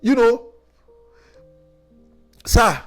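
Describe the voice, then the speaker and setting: A man's voice: very high-pitched, expressive, extremely slow, faint music behind. A Nigerian man with a Nigerian English accent giving an opinion monologue, grilling an official with rhetorical questions and stumbling over repeated words. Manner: critical, addressing an official directly with rhetorical questions; repeats words when worked up. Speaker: commentator.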